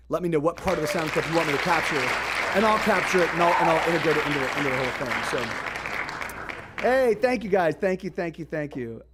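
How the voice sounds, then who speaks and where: A man's voice: on the high side, fairly bright tone. A man hosting a live music stream, chatting casually and rambling in a friendly way as he greets viewers by name. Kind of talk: casual livestream chat. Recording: guitar music in the background.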